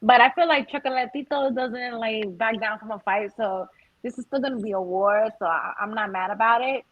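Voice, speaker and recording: A woman's voice: a little high, fairly quick. A woman talking hesitantly and rambling in a casual chat. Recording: dull lo-fi line, faint noise.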